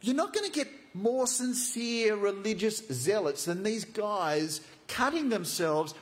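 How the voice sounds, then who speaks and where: Animated preacher, lively pitch. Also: male voice, unhurried, few pauses. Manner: animated, playful, conversational asides. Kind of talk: sermon, storytelling a Bible passage.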